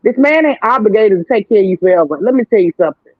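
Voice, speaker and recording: A man's voice: sits high, expressive, fast talker, no echo. A man on a panel giving blunt, plain-spoken opinions over a video call. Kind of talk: casual opinionated commentary. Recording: thin phone-like line.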